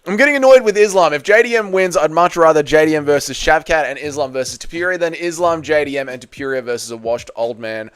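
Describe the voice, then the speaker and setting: A young man casually chatting on a livestream, answering chat comments, swearing and breaking into loud excited bursts. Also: on the high side, quick pace, hardly any pauses, clean tone, dry recording. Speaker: livestream host.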